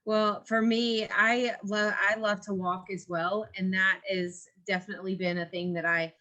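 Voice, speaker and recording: A woman co-hosting a podcast in casual chat, animated and laughing often as she tells stories. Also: mid-range voice, moderate pace, dull audio. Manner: animated, laughs often, acts out stern mom voice. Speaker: podcast co-host; mother.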